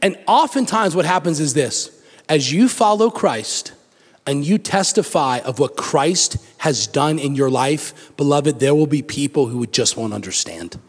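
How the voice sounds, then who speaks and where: A male pastor preaching a sermon, animated and acting out the story in different voices. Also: on the high side, measured pace, husky, long reverb tail. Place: church sanctuary.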